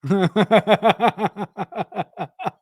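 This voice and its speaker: Watch-along podcast host, unhurried delivery, dry close-mic sound, exclamations and frequent laughter, halting restarts. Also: medium pitch, darkish tone, slightly rough, dry recording. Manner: reactive, laughs often, swears, exclaims; stumbles and restarts while explaining plot points. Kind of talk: casual reaction commentary while watching an episode.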